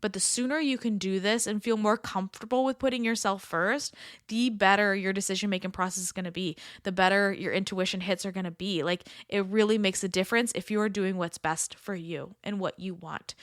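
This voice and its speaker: A woman's voice: mid-range voice, fairly even intonation, brisk, no echo, studio quality. A woman hosting a podcast, giving casual coaching advice in a chatty, upbeat way with lots of filler words. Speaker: podcast host.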